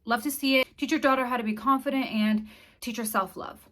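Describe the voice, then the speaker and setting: A woman's voice: fairly high pitch, steady tone, brisk, pushed and bright. A woman hosting her own channel, talking casually and bluntly to camera with open disgust. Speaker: commentary vlogger host.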